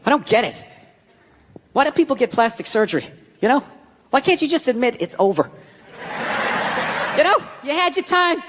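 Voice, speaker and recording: A middle-aged stand-up comedian from the US East Coast, ranting with lots of swearing and shouting his punchlines. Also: very high voice, sing-song, moderate pace, pauses often, noisy background. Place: large theater stage before a live audience. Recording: live hall recording with crowd laughter.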